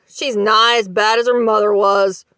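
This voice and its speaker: A gruff, impatient old farmer, played by a woman reader, grumbles his lines in a loud, heavy way. His voice sounds close and dry. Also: mid-range voice, level tone, a little slow, dry recording. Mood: grumbling. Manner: bawling, grumbling.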